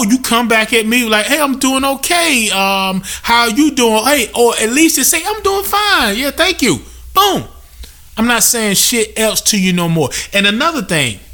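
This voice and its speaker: A young man with a high, bright voice delivers a comedic venting rant on his podcast. He curses freely, stresses his points hard and slips into mimicry of customers. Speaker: podcast host.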